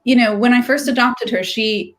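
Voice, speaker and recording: A woman's voice: a little high, fairly even intonation, moderate pace. Chatty woman author on a video call. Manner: chatty, laughs often, many fillers and restarts. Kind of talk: casual conversation on a livestream.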